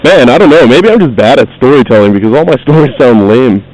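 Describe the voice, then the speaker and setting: A man's voice: medium pitch, lively intonation, quick pace, a little mellow, rough recording. A man in his car talking to the camera about his day. His storytelling rambles and swears freely, and he is self-deprecating about it. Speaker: vlogger. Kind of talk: casual storytelling monologue. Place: in a car while driving.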